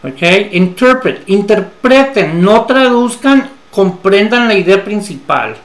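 A man with a fairly high voice teaches at an unhurried pace and says each key phrase twice. His voice rings in an echoey room. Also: expressive. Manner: repeats key phrases slowly in English, then gives them in Spanish. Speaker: English teacher. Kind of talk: bilingual English lesson.

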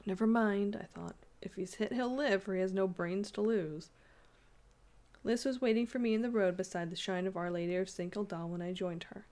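A woman narrating a classic ghost story aloud in a steady, measured way. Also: medium pitch, gravelly.

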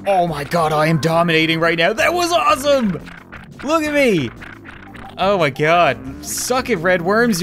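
A young man commenting while playing a video game, excitable, talking to himself and reading game text aloud. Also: high voice. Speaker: gaming channel host. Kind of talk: let's play commentary. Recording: faint music behind.

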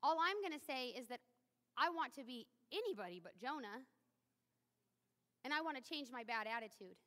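A woman's voice: high voice, animated, moderate pace, a bit bright, in a large hall. A woman in her thirties preaching a sermon in a church, candid and self-deprecating, talking to the congregation like a friend. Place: church sanctuary.

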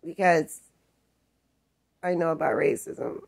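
A woman's voice: low-pitched, steady tone, slow, vocal fry. A tired woman vlogging in a profane, scornful rant, breaking into laughs between jabs. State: tired, up all night. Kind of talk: profane ranting monologue.

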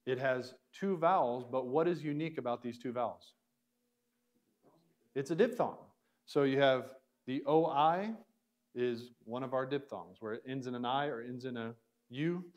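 A man teaching a classroom lesson, slowly sounding out words syllable by syllable and putting questions to his students. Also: mid-range voice.

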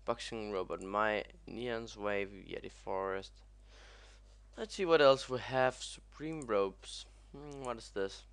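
A young man commentating as he plays a video game, excitable and swearing often. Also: lowish voice. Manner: excitable, swears a lot, yelps at crashes. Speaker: gaming commentator. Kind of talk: let's play commentary.

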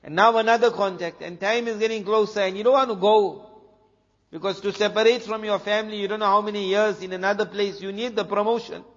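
A man from South Africa, a preacher telling a story in an animated way, dropping to a hush for the dramatic moments. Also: sits high, fast. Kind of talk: storytelling talk. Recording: dull lo-fi recording with long hall reverb.

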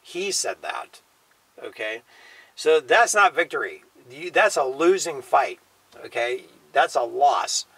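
A man teaching the Bible in a casual sermon style, often tagging his points with a quiet "okay?" or "you know". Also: fairly high pitch, slightly rough, no room sound, poor audio. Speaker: preacher.

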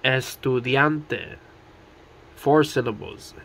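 A man teaching Spanish words at a board, repeating each one slowly and deliberately. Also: mid-range voice, fairly bright tone, a little hiss or hum. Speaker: Spanish tutor.

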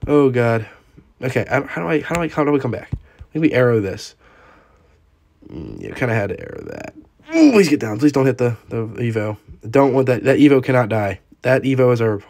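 A young man giving live commentary over his own gameplay, excitable, swinging from quiet muttering to loud outbursts at the game. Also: mid-range voice, fairly quick. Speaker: gaming YouTuber.

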